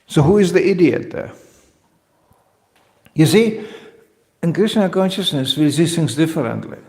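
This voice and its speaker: A man giving a lecture on scripture, telling playful anecdotes and swinging between loud and soft. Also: a little high, animated, unhurried. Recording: lecture hall reverb.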